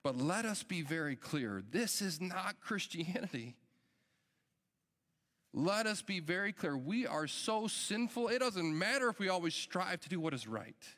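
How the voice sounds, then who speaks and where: Middle-aged male pastor, slightly high voice, earnest and emphatic sermon delivery, long hall echo. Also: big pitch swings, unhurried, a bit bright. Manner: earnest, emphatic preaching with rising urgency.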